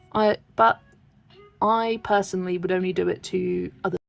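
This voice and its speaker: A chatty young woman from Wiltshire with a faint West Country lilt, talking casually while she colours and laughing often. Her voice has a slightly gravelly edge, and soft music plays faintly behind her. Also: lowish voice. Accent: West Country English, light. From Wiltshire, England. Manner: chatty, laughs often, reads chat aloud. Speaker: colouring channel host.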